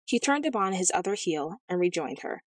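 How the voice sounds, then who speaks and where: Woman reading a fairy tale, lowish voice, dead dry close sound. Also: no room sound. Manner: measured, gently expressive storytelling. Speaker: audiobook narrator. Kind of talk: scripted narration of a fairy tale.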